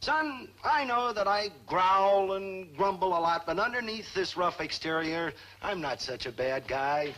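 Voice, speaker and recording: A middle-aged actor playing a grumbling but soft-hearted father. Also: animated, a little slow, hardly any pauses, poor audio. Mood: gruff fond. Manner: gruff, grumbling, booming. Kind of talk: 1960s sitcom acting.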